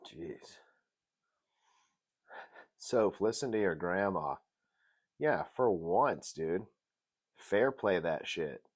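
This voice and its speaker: This casual commentary comes from a man hosting a review show, taking his time in a very deep voice that still ranges widely in pitch. Playful and lively, he bounces between loud bursts and muttered asides.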